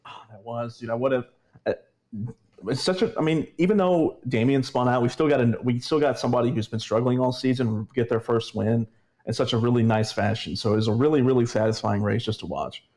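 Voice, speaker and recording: A man co-commentating a sim race, speaking enthusiastically in halting bursts. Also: mid-range voice, a little mellow.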